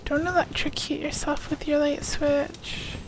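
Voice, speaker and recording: High woman's voice, unhurried, playful streamer, mock-panicked yelps, background noise. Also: level tone. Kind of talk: casual gameplay chat.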